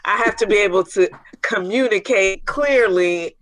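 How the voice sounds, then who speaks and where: Woman on a live chat panel, bright tone, laid back with a dry sense of humor. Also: mid-range voice, moderate pace, poor audio. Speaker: panel guest.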